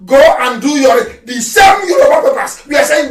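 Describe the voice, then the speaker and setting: A man delivers a fiery radio address, shouting, mocking and scolding. His voice sits high. It comes through echoey and distant, well off the mic. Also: lively intonation, normal speed. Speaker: political activist broadcaster.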